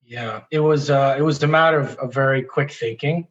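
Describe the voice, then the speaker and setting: A man being interviewed, telling a personal story in a candid, animated way, often restarting sentences and laughing as he talks. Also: medium pitch, moderate pace, dull audio. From Canada. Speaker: interview guest.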